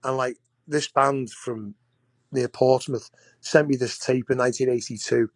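A man's voice: mid-range voice, steady tone, unhurried, no echo. A man, a wrestler guest on a podcast, telling long casual anecdotes that ramble and restart often. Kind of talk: casual storytelling.

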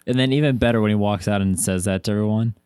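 Man, co-host, low voice, lively pitch, casual chat, dry sound. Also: quick pace, smooth, dry recording. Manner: animated, laughs often, asks questions.

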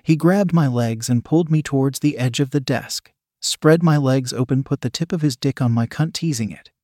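A man's voice: mid-range voice, normal speed, mellow, no room sound, studio quality. A man steadily reading a first-person erotic story aloud. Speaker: narrator.

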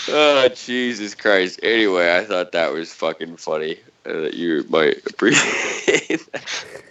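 A man's voice: low voice, expressive, measured pace, bright, forceful tone. A man chatting casually on a podcast, telling a rambling story full of swearing and sarcasm. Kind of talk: casual chat. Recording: dull lo-fi sound.

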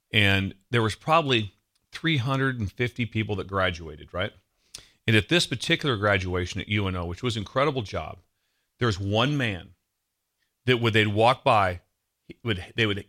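A middle-aged man hosting a casual talk show, telling a story in an animated, excitable way. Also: fairly low pitch. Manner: animated, excitable storyteller who shouts quoted lines. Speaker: radio show host.

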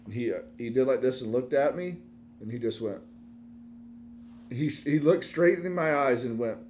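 Casual male co-host, thirties, lively storyteller, slight noise floor. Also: medium pitch, moderate pace. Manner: animated storyteller, quoting family in lively voices.

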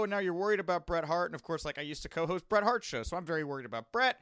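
A young man hosting a podcast, telling rambling, animated anecdotes in a casual monologue. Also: a little high, racing, smooth, dry recording, studio quality. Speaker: wrestling podcast host.

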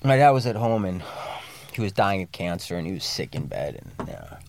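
A man's voice: sing-song, brisk, no room sound. Profane, candid man in the studio. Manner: raw and profane, speaks in restarts, drops low and quiet when emotional. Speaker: podcast guest, recovery coach. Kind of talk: candid podcast conversation. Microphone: studio mic.

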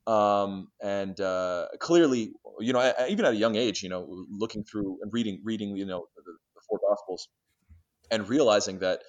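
A man being interviewed, telling stories in a lively way and acting out conversations, with many restarts and fillers. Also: lowish voice, normal speed. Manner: animated storyteller who acts out exchanges, many restarts and fillers. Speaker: interview guest. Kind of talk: casual storytelling interview.

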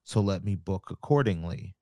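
Low-voiced man telling a story. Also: animated, moderate pace, darkish tone, no echo. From New York. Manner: storytelling, acts out phone calls, swears casually. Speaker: wrestling promoter. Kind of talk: casual podcast chat.

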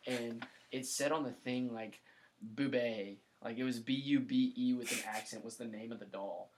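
A young man telling a relaxed, rambling story in a casual chat. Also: mid-range voice, moderate pace, a little hiss or hum.

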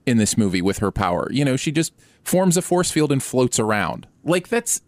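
A man co-hosting a casual movie review chat, animated and wry. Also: medium pitch, moderate pace, no echo.

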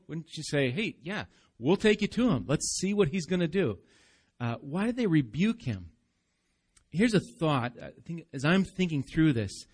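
Animated man preaching a sermon. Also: fairly high pitch. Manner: animated preaching, acting out crowd and beggar, dropping soft for emphasis. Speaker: pastor. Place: church, live service.

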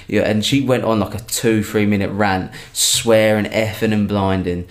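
Low-voiced man telling a rambling story. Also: fairly even intonation, normal speed, few pauses. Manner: rambling, self-correcting anecdote telling. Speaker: comedian guest. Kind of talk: casual storytelling.

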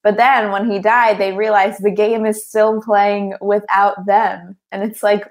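A woman's voice: mid-range voice, little pitch movement, measured pace, few pauses. A young woman co-hosting a podcast who chats and giggles her way through a movie recap, with many fillers. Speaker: podcast co-host. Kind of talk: casual movie recap chat.

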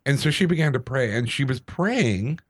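A man on a podcast, casually telling a personal story in an animated, self-deprecating way. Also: medium pitch, normal speed, slightly rough, dry recording. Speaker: podcast co-host.

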